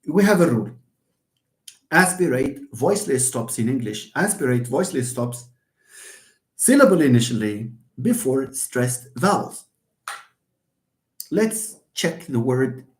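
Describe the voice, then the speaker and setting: A male lecturer walks through an idea, asking himself questions and answering them at once. His pitch rises and falls in a lively way, and words often repeat while he thinks aloud. The voice rings in a roomy, echoey space. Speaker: university lecturer. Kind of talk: live lecture. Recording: roomy echo.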